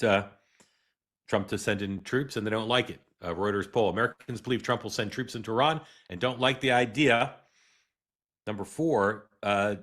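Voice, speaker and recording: Halting, low-voiced man hosting news. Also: a bit bright. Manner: halting, filler-heavy delivery with frequent "uh" and restarts. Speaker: host. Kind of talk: live political news commentary.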